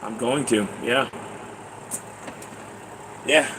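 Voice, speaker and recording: A man chatting casually on a live stream, rambling and excitable, often laughing. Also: medium pitch, extremely slow, background noise.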